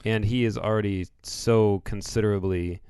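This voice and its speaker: A man's voice: fairly low pitch, steady tone, moderate pace, mellow, clean tone, no echo, clean studio sound. A man co-hosting a podcast in casual chat, explaining in a laid-back way with the odd swear word. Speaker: podcast co-host.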